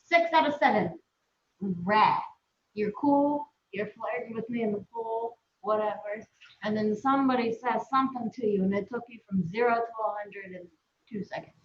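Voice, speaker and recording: A woman's voice: fairly high pitch, moderate pace, lo-fi sound. Blunt, foul-mouthed woman interviewer, echoey. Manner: blunt, profane, asks direct questions. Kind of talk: casual live-stream chat. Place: by a pool.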